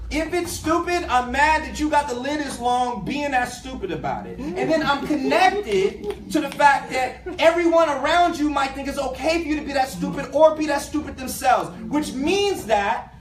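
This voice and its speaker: A man's voice: very high voice, lively intonation, moderate pace. A man giving a community talk to a live audience as a guest speaker, speaking emphatically and colloquially and addressing the crowd directly. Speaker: guest speaker, education professor. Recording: echoey room, mic at a distance.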